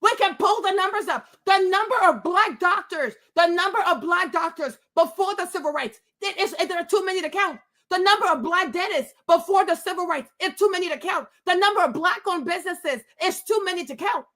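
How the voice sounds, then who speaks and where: A woman's voice: extremely high pitch, brisk, few pauses, a bit bright. A woman hosting a livestream, ranting indignantly, swearing and repeating rhetorical questions, speaking to her webcam. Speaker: livestream host. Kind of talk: heated livestream rant.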